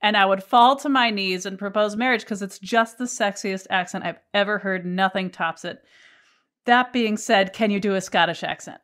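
A woman's voice: medium pitch, moderate pace, a bit bright. A woman interviewer who asks her questions in an effusive, chatty way. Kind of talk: interview conversation.

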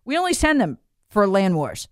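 A woman's voice: medium pitch, very animated, normal speed, no echo, clean studio sound. A woman delivering an opinionated political monologue to her audience, emphatic and incredulous, often addressing listeners as folks. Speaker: political commentator.

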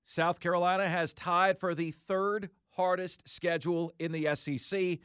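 A man's voice: high-pitched, steady tone, moderate pace, a bit bright, clear, resonant tone. A man hosting a sports talk show, emphatically rattling off schedules with mock disbelief.

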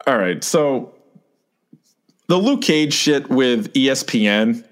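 A man co-hosting a casual podcast chat, animated and sarcastic, often acting out mocking quotes. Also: medium pitch, takes it slowly. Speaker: podcast co-host.

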